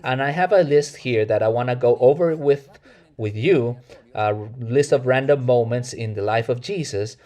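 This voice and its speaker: Earnest preacher, Mexican Spanish accent. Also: male voice, mid-range voice, warm tone. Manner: earnest, measured preaching with self-corrections. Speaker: pastor. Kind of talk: sermon.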